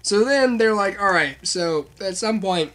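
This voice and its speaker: A man's voice: sits high, unhurried. A young man hosting a podcast, animatedly recapping a movie plot in casual chat and laughing often. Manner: animated storyteller, acts out scenes, laughs often. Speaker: podcast host.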